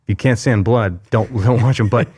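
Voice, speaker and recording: A man's voice: on the low side, a little fast, a little mellow, breathy edge. Enthusiastic male podcast host. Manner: enthusiastic, conversational, tangential. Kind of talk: podcast interview, casual.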